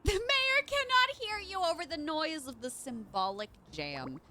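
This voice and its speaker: A woman's voice: high-pitched, big pitch swings, heavy background noise, pitched above the performer's own voice. Woman voicing a pompous, sleepy cat mayor. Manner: slow, lofty, drowsy proclamations.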